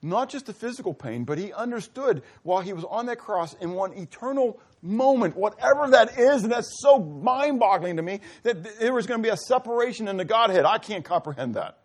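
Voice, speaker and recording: Speaking fairly quickly with hardly any pauses, a male pastor gives a conversational sermon full of lively intonation. He often asks the congregation questions and stages brief dialogues, sometimes dropping his voice low and soft.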